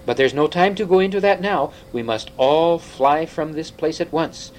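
An excitable old half-dwarf scholar, as a male reader puts him on, pitched up and pushed louder. He lectures in a brisk, slightly breathless storybook manner over a faint low rumble. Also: close to an everyday voice, rough recording. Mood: urgent.

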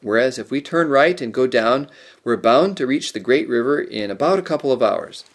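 A man's voice: mid-range voice, expressive, moderate pace. Trumpkin, a man voicing a blunt skeptical dwarf. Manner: stern, matter-of-fact. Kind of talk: storybook reading.

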